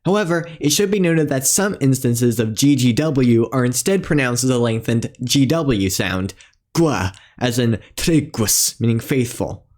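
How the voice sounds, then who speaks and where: A man's voice: medium pitch, animated, normal speed, few pauses, a little mellow. A man giving a scripted narration of a language lesson, carefully spelling out letters and sounds. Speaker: language teacher.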